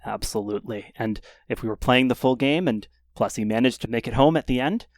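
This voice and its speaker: A man running a tabletop game as game master, setting scenes in a descriptive, measured way. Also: lowish voice, dry recording.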